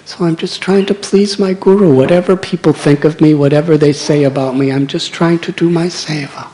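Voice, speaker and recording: A man in his sixties voicing a humble, illiterate, devout man, soft and earnest. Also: on the high side, fairly even intonation, brisk, pitched above the performer's own voice, lightly acted. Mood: tender. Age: 60s.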